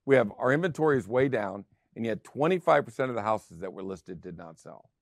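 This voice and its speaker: A man's voice: lowish voice, lively intonation, fairly quick, vocal fry, no room sound, clean studio sound. A middle-aged man hosting a real estate show, talking casually and driving his points home with emphatic repetition. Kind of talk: casual talk show monologue.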